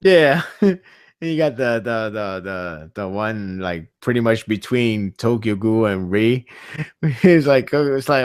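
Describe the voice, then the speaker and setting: A man hosting a podcast in an easy, casual chat. His pitch swings widely as he talks, and he laughs often and swears freely. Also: lively intonation, takes it slowly, smooth. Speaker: podcast host.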